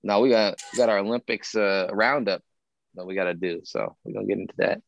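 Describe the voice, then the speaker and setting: A man hosting a podcast who talks fast and upbeat, with lively swings in pitch. His voice has a gravelly edge and sounds dry and close. Faint music plays behind him. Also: no room sound, muffled recording. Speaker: podcast host. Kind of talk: casual podcast chat.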